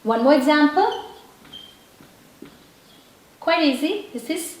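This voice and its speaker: Woman, language teacher, patient and repetitive, slow delivery, strong room echo. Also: high voice, expressive. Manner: patient, repeats words and checks in with "okay" and "right". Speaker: French teacher. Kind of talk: slow explanatory lesson.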